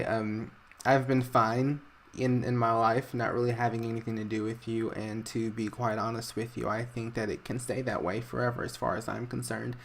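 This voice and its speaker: A man's voice: mid-range voice, a bit bright, close to an everyday voice. A man voicing a bitter, sarcastic young man. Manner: snappy, mocking sarcasm. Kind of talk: voicing a character in a narrated game story.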